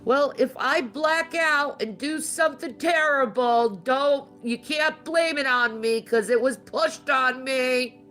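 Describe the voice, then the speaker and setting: A woman's voice: high voice, takes it slowly, a bit bright, faint music behind. Aggrieved woman streaming a complaint. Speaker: livestreamer. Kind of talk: complaining livestream talk.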